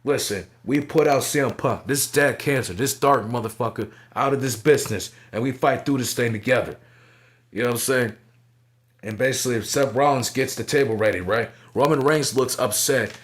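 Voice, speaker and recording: A man gives a rambling, swear-heavy recap of a wrestling event in a casual review style. His voice sits at an ordinary mid pitch, and he keeps checking in with "right?" and "you know what I'm saying" as he talks. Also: moderate pace. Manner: profane, rambling, fillers like "right?".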